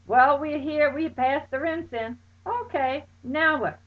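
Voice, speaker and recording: High-voiced woman telling a wild story. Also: takes it slowly. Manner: exclaims loudly, acts out friends' voices. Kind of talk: animated personal anecdote. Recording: dull lo-fi recording.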